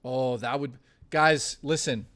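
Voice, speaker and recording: A male streamer talks to his live chat at an everyday mid pitch. He rants and swears in a loose, blustery way. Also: slow, a bit bright. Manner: profane, blustery ranting to chat.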